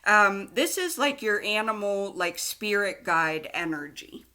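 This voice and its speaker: A young woman chatting her way through a tarot card reading at an unhurried pace. Her voice is bright and a little sharp, and she talks loosely and giggles, with plenty of likes and ums. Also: mid-range voice, animated. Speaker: tarot reader.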